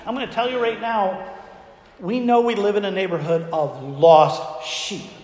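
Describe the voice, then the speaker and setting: High-voiced preacher in an echoey hall. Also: male voice, measured pace, darkish tone. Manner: conversational, asks the congregation frequent rhetorical questions. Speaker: pastor. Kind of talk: sermon. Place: church sanctuary. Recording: echoey church hall with long reverb.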